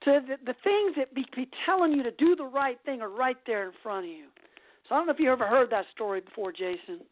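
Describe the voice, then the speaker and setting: High-voiced woman telling a story. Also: animated, quick pace. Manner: chatty, with restarts. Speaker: host. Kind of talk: casual storytelling. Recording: tinny phone-like dry line.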